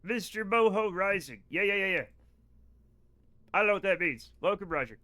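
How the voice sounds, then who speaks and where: A man streaming a space game keeps up a rambling, jokey conversation with his chat while playing. His high, bright voice is forceful and lively in intonation, at a moderate pace.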